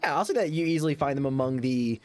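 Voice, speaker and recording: A man running a tabletop role-playing game as game master. He narrates in a loose, rambling way, full of fillers, at a middle pitch. Faint music plays behind him. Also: animated, fast.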